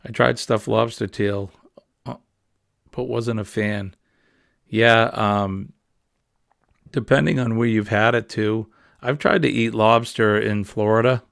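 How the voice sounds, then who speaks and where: A man's voice: fairly low pitch, fairly even intonation, slow, creaky, pauses often, a bit bright, no room sound, clean studio sound. A man with a New England accent hosting a casual, rambling morning livestream chat. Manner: chatty, rambling, easygoing. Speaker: livestream host.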